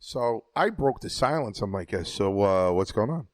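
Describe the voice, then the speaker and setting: A man's voice: fairly low pitch, lively intonation, moderate pace, no echo. A man, a former wrestler and podcast co-host, telling a long story in a rambling, profane way with stumbling restarts. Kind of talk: casual storytelling banter.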